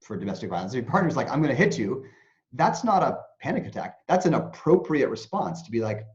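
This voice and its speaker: A man talking as an interview guest about mindfulness, his pitch swinging up and down with lively expression. He explains things conversationally and slips into little acted-out inner voices. The sound is dull and lo-fi. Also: fast. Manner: animated, acts out anxious inner voices.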